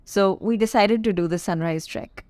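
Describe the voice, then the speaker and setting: A woman's voice: mid-range voice, moderate pace, a little mellow, no room sound, clean studio sound. A woman in her twenties from India, hosting a solo podcast and chatting in a confiding, playful way with asides to her listeners. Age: 20s. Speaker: podcast host. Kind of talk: casual solo podcast chat.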